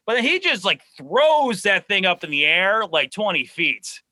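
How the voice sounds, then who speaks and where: A man, a guest on a sports chat show, talking fast and excitedly as a diehard fan, often restarting his words. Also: sits high, dry recording. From Chicago suburbs.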